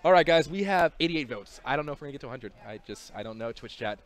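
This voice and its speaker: A young man hosting a casual game studio livestream, joking and talking to the chat in an excitable way. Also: mid-range voice, racing. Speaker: community host on a game studio stream.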